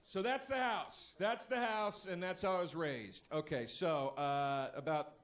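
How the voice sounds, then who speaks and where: A man doing a stand-up routine, telling a story animatedly and jumping into high yelling voices. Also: unhurried, slight background noise. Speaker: stand-up comedian.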